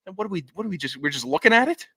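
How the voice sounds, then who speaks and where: A man's voice: high-pitched, sing-song, very fast, pushed and bright, breathy edge. A man co-hosting a podcast, teasing and ribbing his partner in casual chat. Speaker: podcast co-host.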